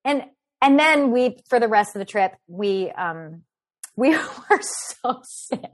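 A woman with a slightly high voice tells a story in loose, chatty conversation. She is animated, breaks into laughter often and leans on filler words as she talks. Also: takes it slowly. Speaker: guest storyteller. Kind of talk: casual anecdote in conversation.

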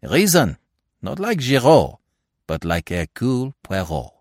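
A man's voice: medium pitch, wildly swooping pitch, a little slow, darkish tone, no echo, studio quality, voice pushed up, full character voice. A man voicing a fussy, self-assured older Belgian detective who lectures with precise, impatient logic in an audiobook reading. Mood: lecturing.

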